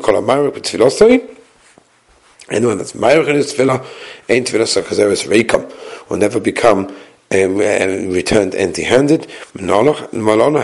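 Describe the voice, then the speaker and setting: Guy teaching gemara, reads the text then explains it, raspy voice, lots of restarts. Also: fairly low pitch, a little mellow. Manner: restarts and hesitates often. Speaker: Talmud teacher. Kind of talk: Talmud study lesson.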